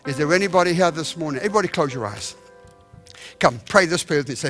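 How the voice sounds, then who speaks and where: Young male evangelist, bright ringing voice, animated storyteller, soft music under him. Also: fairly high pitch, fast talker. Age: young adult. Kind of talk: revival sermon. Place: church sanctuary.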